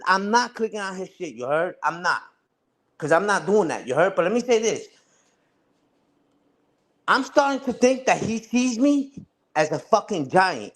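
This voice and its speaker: A man with a high-pitched, slightly bright voice rants casually on a livestream. He taunts and repeats himself, throwing in "respectfully" and "you heard."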